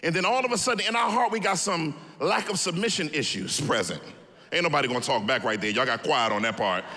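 A man pastor preaching a sermon, telling stories with humor in an animated way. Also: on the high side, quick pace, in a large hall.

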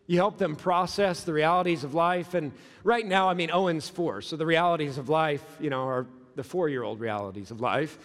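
Pastor in his 30s, high voice, chatty sermon delivery with long church reverb. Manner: conversational, builds through repeated phrases. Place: church sanctuary.

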